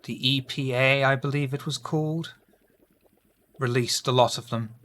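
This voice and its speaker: English game master, bright tone, dry self-mocking narrator. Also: male voice, medium pitch, fairly even intonation, normal speed. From England.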